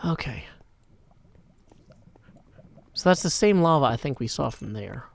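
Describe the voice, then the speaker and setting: Middle-aged male streamer, casual game commentary, hushed muttering asides. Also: medium pitch, expressive, unhurried, vocal fry. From Nashville, Tennessee. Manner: chatty, self-deprecating, often drops to a hushed mutter. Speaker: gaming streamer. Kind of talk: casual live gameplay commentary.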